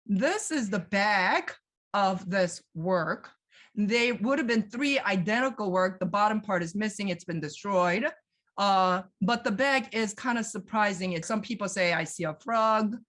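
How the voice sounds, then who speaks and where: A woman with a mid-range voice and moderate pace walks viewers through a museum in a live video-call tour. Animated, she puts questions to them and reads their answers out.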